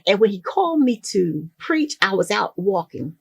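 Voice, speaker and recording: An older woman, a guest in an interview, telling stories in a relaxed conversational way and acting out the lines she quotes. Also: medium pitch, brisk, husky, no room sound. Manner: warm storytelling, acts out quoted dialogue.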